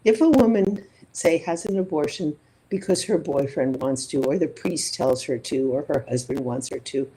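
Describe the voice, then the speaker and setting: A woman's voice: deep voice, moderate pace, mellow, rough recording. A woman psychologist being interviewed, building her points thoughtfully through examples and rhetorical questions. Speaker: psychologist guest. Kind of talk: reflective interview conversation.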